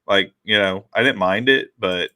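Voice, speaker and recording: A man's voice: fairly low pitch, moderate pace, sharp tone, clean tone. A man hosting a casual podcast chat, reading out list entries and swearing freely. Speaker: podcast host.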